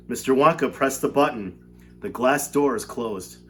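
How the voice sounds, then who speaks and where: A man's voice: medium pitch, moderate pace, a little hiss or hum. A male teacher reading a novel aloud to his class from home, then chatting casually about homework. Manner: animated reading, relaxed chatty asides with fillers.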